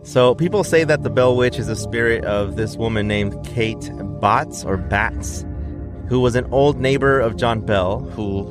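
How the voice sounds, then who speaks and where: A man's voice: mid-range voice, a little slow, music in the background. A man co-hosting a podcast, casually retelling a ghost legend and peppering it with "right?" asides. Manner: tells the story with frequent "right?" and "like" asides. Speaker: podcast co-host telling the story. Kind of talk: casual storytelling chat.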